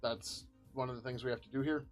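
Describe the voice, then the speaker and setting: A man's voice: medium pitch, steady tone, fast talker, soft background music. Mumbling man thinking aloud while coding. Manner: rambling, many ums, muttering to himself. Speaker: live-coding streamer and software developer.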